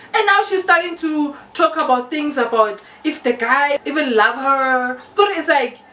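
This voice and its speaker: A young South African woman with a South African accent, telling a casual story-time tale with lively, animated delivery and mixing in local words. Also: sits high, distant mic, slight background noise. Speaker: YouTuber. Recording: echoey room, a bit off-mic.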